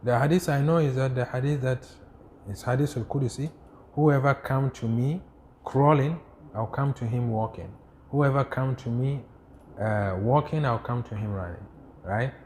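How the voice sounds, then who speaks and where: A man teaching a class on religion, who keeps asking rhetorical "what?" questions, answers them himself, and recites Arabic quotations quickly. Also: medium pitch, darkish tone, slight background noise. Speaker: Islamic studies teacher.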